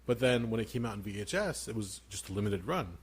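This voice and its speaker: Fast-talking, husky-voiced man. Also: on the low side. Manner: profane, excitable, laughs often. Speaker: podcast co-host. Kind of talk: casual chat.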